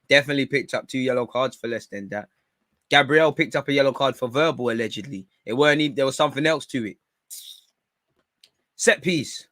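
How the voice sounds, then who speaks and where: A man hosting a live football watchalong, reacting excitedly, shouting at players and the referee and swearing now and then. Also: medium pitch, no echo, studio quality. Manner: talks while eating. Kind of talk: live match reaction commentary.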